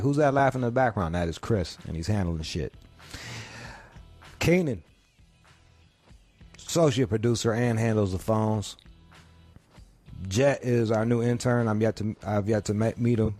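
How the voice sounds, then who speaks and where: A man's voice: lowish voice, normal speed, long pauses, soft background music. Profane, rowdy male radio host. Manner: profane, loud, laughing. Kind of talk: crude comedic radio banter.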